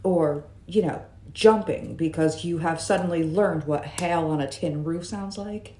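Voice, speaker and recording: A woman's voice: deep voice, measured pace, mellow. A woman vlogging in a chatty, musing way, with jokey asides, talking from her room. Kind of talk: casual vlog monologue. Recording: roomy echo.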